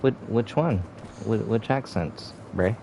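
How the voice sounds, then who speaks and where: A man's voice: lowish voice, takes it slowly, creaky, noisy background. A young man streaming a game, giving laid-back casual commentary and humming between remarks.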